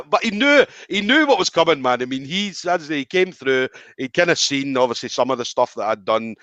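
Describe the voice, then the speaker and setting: A man's voice: mid-range voice, normal speed, no echo. A man hosting a podcast, telling a story in casual chat and acting out the quoted lines. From Scotland. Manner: animated, acts out quoted lines, swears freely. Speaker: podcast host. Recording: dry, slightly dull audio.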